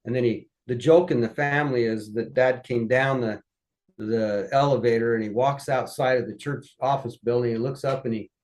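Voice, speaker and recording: A man, a podcast guest, telling family anecdotes in a folksy, lively way. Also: medium pitch, moderate pace, poor audio. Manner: folksy, lively storyteller acting out voices. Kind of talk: anecdotal storytelling.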